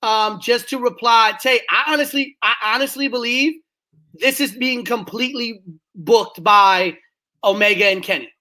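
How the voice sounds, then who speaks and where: A man co-hosting a wrestling talk show, talking in halting runs with repeated words and fillers. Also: very high voice, bright, forceful tone. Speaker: podcast co-host.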